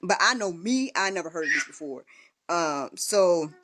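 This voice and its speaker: A woman's voice: on the low side, animated, moderate pace, noisy background. A young woman telling a personal story in a casual livestream, chatty and full of fillers and restarts. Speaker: vlogger and podcast host.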